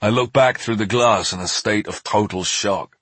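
A man's voice: fairly low pitch, normal speed, a bit bright, no echo. A man narrating a story in the first person, tense and earnest. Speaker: audiobook narrator.

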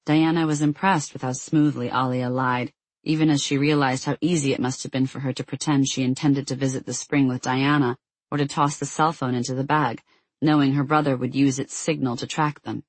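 A husky audiobook narrator reading fiction in a measured, even pace. The voice sits in a middle register and is recorded dry and close, with no room sound. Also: medium pitch, no room sound. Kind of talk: scripted narration.

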